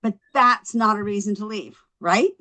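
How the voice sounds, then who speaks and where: An actress at a table read playing a tipsy young woman who rambles through stand-up after her husband left, full of quick self-mocking asides. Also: medium pitch, bright, forceful tone, close to an everyday voice. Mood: rambling. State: a little drunk.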